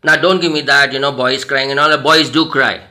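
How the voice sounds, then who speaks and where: A man's voice: medium pitch, fairly even intonation, brisk, pushed and bright. A man with an Indian English accent, a personality development trainer telling a story in a motivational talk, earnest and repeating phrases for emphasis.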